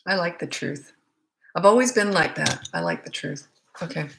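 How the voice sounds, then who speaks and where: A woman's voice: on the low side, normal speed, gravelly, fairly bright tone, a little hiss or hum. A woman, a parenting coach, chatting bluntly as she reads out viewer comments and answers them. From Australia. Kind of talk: casual live Q&A chat. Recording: roomy echo.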